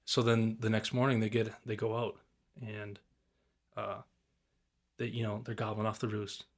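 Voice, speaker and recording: A man's voice: fairly low pitch, little pitch movement, moderate pace. A young man on a podcast, casually telling turkey hunting stories in a rambling, laid-back way, swearing and mimicking the calls. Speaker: guest turkey hunter.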